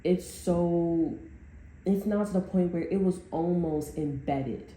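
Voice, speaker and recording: A woman with a low, very dark and mellow voice, rambling and swearing emphatically as she gives a casual tarot reading. She sounds like she is in an echoey room, with a faint hiss of noise behind her. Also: slow. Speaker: tarot reader. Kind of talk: casual unscripted tarot monologue.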